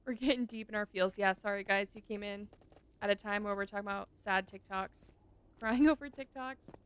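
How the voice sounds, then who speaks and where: A woman's voice: mid-range voice, level tone, brisk, a bit bright, clear, resonant tone. A woman streaming a game, chatting casually with her viewers and gushing over cute animals.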